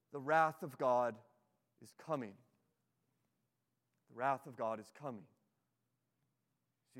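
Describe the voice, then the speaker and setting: A man's voice: on the high side, in a large hall. A man preaching a sermon as pastor, earnest and emphatic, pleading with his listeners and reading scripture aloud.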